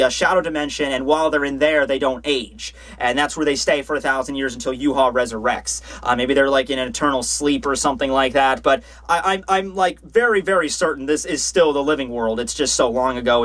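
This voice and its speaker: A man's voice: medium pitch, a bit bright, dry recording. A young man giving a casual, rambling comic review full of fillers and restarts. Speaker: manga reviewer. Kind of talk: casual commentary.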